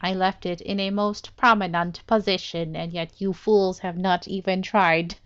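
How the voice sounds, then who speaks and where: A woman's voice: fairly even intonation, fairly bright tone, clean tone, lightly acted. A woman doing a stiff robotic game villain. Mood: smug. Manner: stiff, slow, low robot-like delivery. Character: robotic, kooky male villain in a video game. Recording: dull lo-fi recording.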